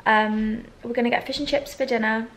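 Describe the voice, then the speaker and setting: A woman in her twenties, a lifestyle vlogger, chatting in a teary, gushing way at home in her flat. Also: on the high side, a little fast. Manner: gushing, breathy and soft-spoken. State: teary, emotional. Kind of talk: tearful reflective vlog chat. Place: empty flat at home, indoors. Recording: echoey room, faint background hum.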